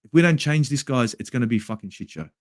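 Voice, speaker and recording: An Australian fan channel host rants furiously, cursing often and lurching between yelling and quiet muttering as he breaks down a match and responds to live chat. His intonation is lively and he speaks fast, recorded in studio quality with no echo.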